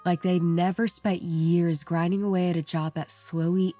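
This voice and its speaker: A woman reading a first-person horror story aloud in a measured, somber storytelling manner. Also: fairly low pitch, level tone, warm tone. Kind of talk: scripted narration. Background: faint background music.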